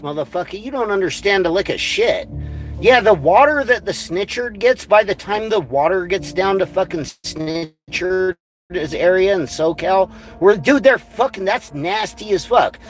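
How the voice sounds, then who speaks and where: A man's voice: high-pitched, animated, moderate pace, soft background music. A man ranting on a livestream, angry, crude and rambling. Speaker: livestream host.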